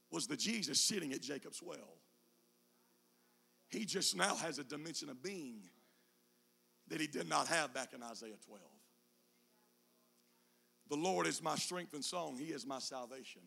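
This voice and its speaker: A man preaching in a high, bright voice with a gravelly edge. He swings from quiet, low teaching passages into shouted, half-sung climaxes, dropping an "uh" before each chanted phrase. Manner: whooping preacher cadence, "uh" between chanted phrases. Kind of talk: sermon.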